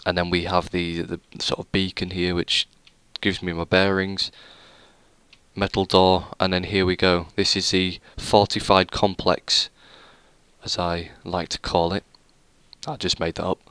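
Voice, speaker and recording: A man's voice: sits low, little pitch movement, unhurried, a bit bright, clear, resonant tone, no echo. A young man giving a rambling, self-deprecating tour of a game world, full of hesitant fillers. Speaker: gaming YouTuber. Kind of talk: casual let's play commentary.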